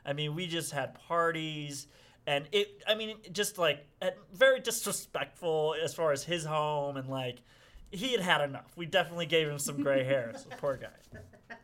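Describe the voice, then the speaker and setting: Middle-aged guy telling a story on a podcast, bright voice, gets loud and dramatic when he quotes people. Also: on the high side, moderate pace. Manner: animated, acts out quotes with loud outbursts. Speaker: podcast guest. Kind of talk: casual storytelling.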